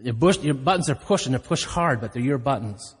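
A man's voice: mid-range voice, expressive, fairly quick, slightly rough. A middle-aged man preaching a sermon as pastor, telling stories in a candid, self-deprecating way. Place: church hall. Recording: hall reverb.

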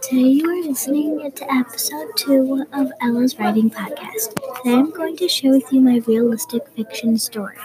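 A female host reads her own short story aloud in a plain storybook narration. Her voice is somewhat high, and some phrases drift into a soft whisper. A steady crowd murmur runs behind her. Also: normal speed, low-quality recording.

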